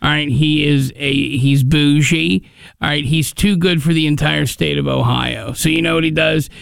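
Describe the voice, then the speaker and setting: A man's voice: on the high side, steady tone, normal speed, vocal fry, a bit bright, clear, resonant tone, no room sound. A man co-hosting a casual comedy chat show, ranting in mock outrage and repeating himself. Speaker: co-host.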